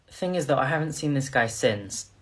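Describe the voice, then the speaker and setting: A man's voice: mid-range voice, expressive, fairly quick, fairly bright tone, husky. A man telling a self-conscious storytime in a confiding way. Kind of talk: storytime narration.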